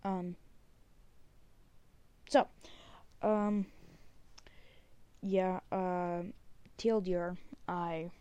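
A woman hosting a solo podcast in casual chat. She rambles, uses many fillers, and often trails off into soft, near-unvoiced asides. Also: on the low side, steady tone, extremely slow, long pauses, clear, resonant tone, dry recording, lo-fi sound. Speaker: podcast host.

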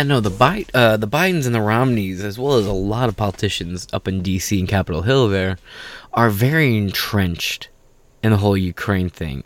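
A man's voice: on the low side, dry recording. A tired man hosting casual political commentary, reading an article aloud with rambling, profane, sarcastic asides.

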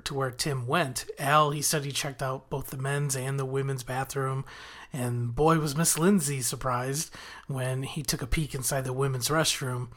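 A man's voice: fairly high pitch, a bit bright. A man hosting a podcast, recapping a TV episode in an enthusiastic, rambling way with frequent chuckles. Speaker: podcast host reviewing a TV episode.

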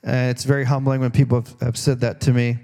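A male pastor preaches to his congregation in a relaxed, conversational sermon, with a gravelly edge in his voice. His tone is dark and mellow, and he keeps turning to the room with questions. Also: medium pitch, fast talker. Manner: acts out voices in quoted dialogue. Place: church service.

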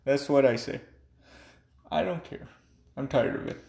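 A man's voice: mid-range voice, measured pace, gravelly, a little mellow. A young man ranting angrily and profanely in a monologue. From United States. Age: young adult. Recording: echoey room.

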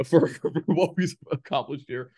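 A man's voice: a little high, normal speed, mellow, slightly rough. A man hosting a casual film podcast, rambling and joking, laughing often. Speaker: podcast host.

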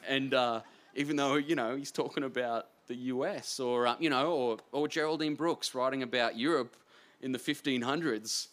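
Excitable rambling Australian man. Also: mid-range voice, normal speed. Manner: excitable, rambling, self-deprecating. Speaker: author guest. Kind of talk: casual interview chat.

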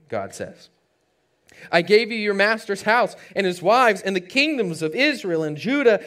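A man preaches in a church with a notably high voice. He tells the story in an animated way, rising to loud emphasis and then dropping to a hush. He adds light, joking asides for the congregation. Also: normal speed. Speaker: pastor. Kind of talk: sermon.

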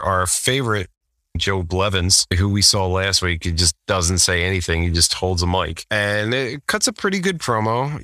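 Deep-voiced man in casual podcast chat. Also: pushed and bright, dry recording, studio quality. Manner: laid-back, wry, frequent laughs and fillers. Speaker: podcast co-host. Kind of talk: casual chat reviewing old wrestling shows.

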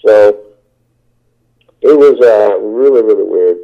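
Man, lowish voice, rambling enthusiastic interview talk, tinny phone-line sound. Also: slow pace, creaky, a crowd in the background. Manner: rambling, enthusiastic, many fillers and restarts. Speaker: rock singer being interviewed.

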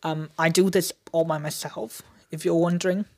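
Solo podcast host, mid-pitched voice, talking off the cuff, fillers and restarts throughout. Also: fairly even intonation, moderate pace. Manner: frequent "um" fillers and self-corrections; chatty, self-deprecating with small laughs. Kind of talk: improvised solo Q&A, unedited one take.

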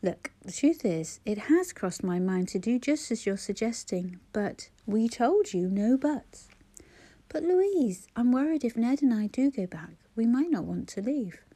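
A wry young mother, voiced by a woman reading a novel aloud. She protests gently and answers her friends with dry humour. Her tone is mellow and soft. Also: a little high, sing-song, a little slow, voice pushed up. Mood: protesting.

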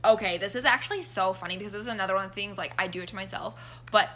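Bright-voiced chatty young woman. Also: mid-range voice, very fast. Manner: chatty, animated, exaggerated groans. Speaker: podcast co-host. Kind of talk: casual chat.

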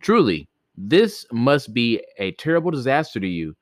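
A man's voice: mid-range voice, sing-song, moderate pace, no echo, studio quality, lightly acted. A man reading as a gracious old priest. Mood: courteous. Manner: formal, gracious, old-fashioned speech. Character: elderly male village priest, courteous and kindly.

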